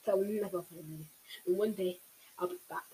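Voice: mid-range voice, big pitch swings, a little fast, gravelly, a little hiss or hum, rough recording. A reader voicing a furious adult male villain who howls and gloats, storybook reading. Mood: gloating. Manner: howling, shouting.

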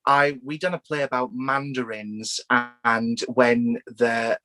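A man's voice: medium pitch, little pitch movement, slow pace, a bit bright, no room sound. Chatty Scottish man, dry close sound. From Scotland. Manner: chatty, laughs often, swears casually. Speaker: podcast host. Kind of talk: casual podcast chat.

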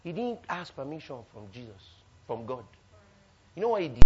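A man preaching a sermon with call-and-response, swinging between loud bursts and soft asides. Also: medium pitch, big pitch swings, moderate pace, heavy background noise. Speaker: pastor. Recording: dull lo-fi recording.

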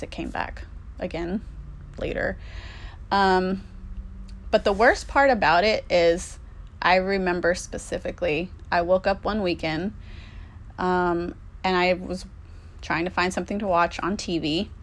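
A young woman talks casually about her own past, full of "um" and "like", cursing without a second thought. Her voice sits a little on the low side for a woman. She tells it plainly and openly, as if to friends. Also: gravelly. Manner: candid, swears freely, many fillers. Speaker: storyteller. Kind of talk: casual personal storytelling.

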